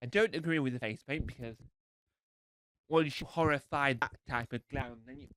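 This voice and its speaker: A man's voice: medium pitch, normal speed, a bit bright, clean tone, no echo, low-quality recording. A man with a cold doing a rambling, self-deprecating live stand-up set. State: has a cold. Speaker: stand-up comedian.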